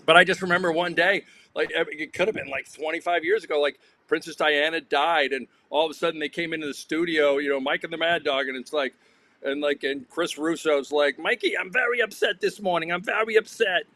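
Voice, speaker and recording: Rambling man with a bright voice. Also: on the high side, steady tone, brisk, slight background noise. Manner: rambling, many restarts. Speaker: sports journalist. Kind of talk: casual panel chat.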